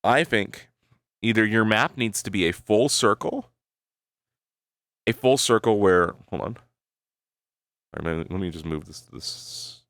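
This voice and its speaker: Low, smooth-voiced man rambling to his chat. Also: a little slow, long pauses, a bit bright, no room sound, studio quality. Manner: rambling, swears freely, keeps adding "right?"; talks to his chat while thinking aloud. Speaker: streamer. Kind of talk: casual live-stream chat.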